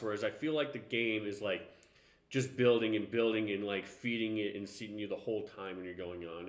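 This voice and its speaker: A young man with a fairly low voice and roomy sound co-hosts a podcast, chatting casually about a TV show while rambling and swearing often.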